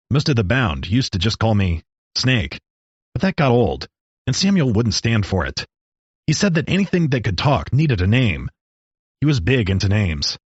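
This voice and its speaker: Man playing an old joking rattlesnake, storybook, husky, lively pitch, muffled dry take. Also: no echo. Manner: calm, explaining, dry jokes. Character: wry old male talking rattlesnake. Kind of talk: storybook reading.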